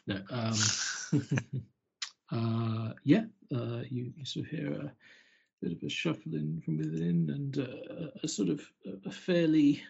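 A man narrating a tabletop game as game master, hesitant with many pauses and restarts, over a computer mic on a call. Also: a little high, creaky, mellow, slightly rough. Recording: dull, muffled call audio.

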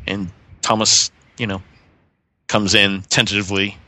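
Bright-voiced man running a tabletop game. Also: fairly low pitch, normal speed, dry recording. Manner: relaxed, filler-heavy narration. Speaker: game master.

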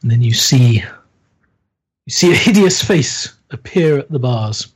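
A very husky male game master who takes his time. He narrates a tabletop horror game in a hesitant, halting way, full of ums. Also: medium pitch, expressive.

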